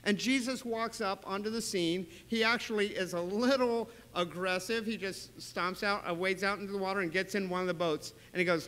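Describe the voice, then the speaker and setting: High, bright-voiced preacher in a reverberant church. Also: male voice, a little fast, hardly any pauses. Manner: animated storytelling with sudden loud bursts. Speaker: pastor. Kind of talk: sermon. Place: church sanctuary.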